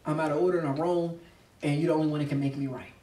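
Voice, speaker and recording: A man's voice: fairly high pitch, fairly even intonation, racing, mellow. A man, a pastor, preaching with passion in a discussion and acting out the voices of people he quotes. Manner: emphatic, acts out quoted voices. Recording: roomy, distant mic.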